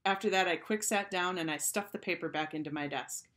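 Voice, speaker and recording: A woman's voice: lowish voice, brisk. Woman reading a storybook aloud. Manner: expressive first-person storytelling. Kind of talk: children's storybook read-aloud.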